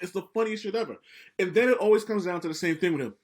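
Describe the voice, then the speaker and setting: Animated, profane male podcast co-host. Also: high voice, rapid-fire. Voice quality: profane, animated storyteller acting out quotes. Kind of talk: casual podcast chat.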